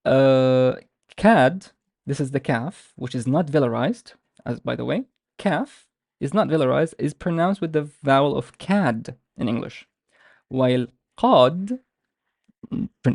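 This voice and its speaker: A man teaching a language lesson, explaining patiently and slowly repeating sounds to demonstrate them. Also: mid-range voice, vocal fry, a little mellow, dry recording, studio quality.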